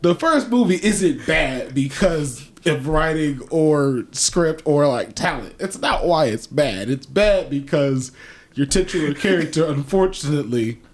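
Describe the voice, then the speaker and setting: A man's voice: fairly high pitch, expressive, unhurried. A man co-hosting a podcast in casual chat, rambling with many restarts and now and then a swear word. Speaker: podcast co-host.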